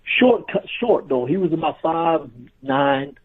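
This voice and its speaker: Husky-voiced wrestler on a phone line. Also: male voice, fairly high pitch, slow. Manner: animated storyteller, laughing through his stories. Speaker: former pro wrestler, guest. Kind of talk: casual storytelling interview. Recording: tinny phone-line audio.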